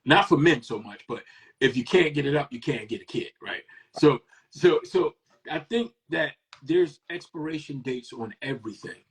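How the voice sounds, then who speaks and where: A man hosting an interview, talking in a relaxed, reflective and conversational way. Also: fairly high pitch, moderate pace, slightly rough, low-quality recording. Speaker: interview host. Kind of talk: casual interview chat.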